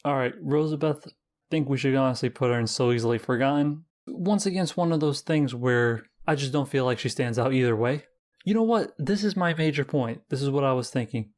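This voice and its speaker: A young man with a mid-range voice gives short, blunt opinions in a steady, mock-serious way. He sounds relaxed and unscripted as he banters with a friend. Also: mid-range voice, fairly quick. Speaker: co-host ranking game characters. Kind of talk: casual banter.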